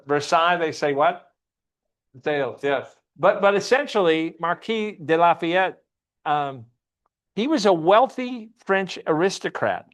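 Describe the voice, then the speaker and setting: A man's voice: sits high, fairly bright tone. A man teaching a church Sunday class, often asking the class questions and repeating himself.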